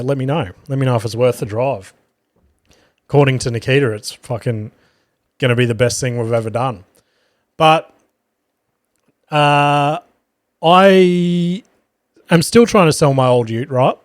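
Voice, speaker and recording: A man's voice: mid-range voice, fairly even intonation, normal speed, pauses often, dry recording, clean studio sound. A man with an Australian accent hosting a podcast, telling a casual anecdote and swearing as he quotes people. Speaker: podcast host. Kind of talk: casual storytelling. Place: podcast studio.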